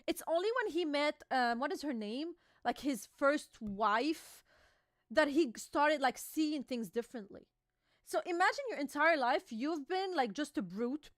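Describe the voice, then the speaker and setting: A woman's voice: sits high, expressive, unhurried, no echo, studio quality. A woman chatting casually as she reacts to a manga chapter, full of filler words and casual swearing, reading lines aloud and then explaining them. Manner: reads panel dialogue aloud, then explains it. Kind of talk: casual live reaction commentary.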